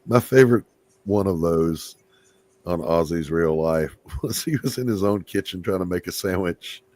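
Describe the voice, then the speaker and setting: Deep-voiced man on a stream panel, cheerful profane storytelling. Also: normal speed, darkish tone. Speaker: panelist on a livestream. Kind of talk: casual chat.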